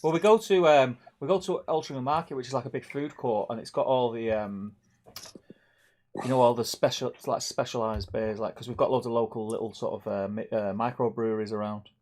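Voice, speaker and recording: A man's voice: medium pitch, fairly quick, a little mellow. A man co-hosting a casual hobby stream, reading viewer comments aloud, laughing often and trailing off.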